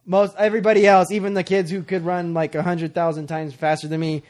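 A man's voice: sits high, flat delivery, fast, a little mellow. A young man telling a story about himself in casual chat, candid and self-deprecating.

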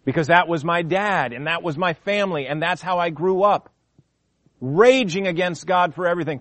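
A pastor preaching a sermon, acting out quoted voices with big swings between loud and soft. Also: male voice, normal speed, dry recording. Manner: dramatic, acts out quoted voices, wide swings in pitch and volume. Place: church.

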